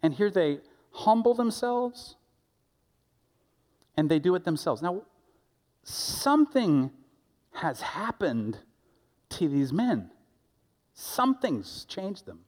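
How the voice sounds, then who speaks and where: A middle-aged man preaching a sermon as pastor, talking conversationally with lively asides and quick restarts. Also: high-pitched. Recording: loud music under the voice.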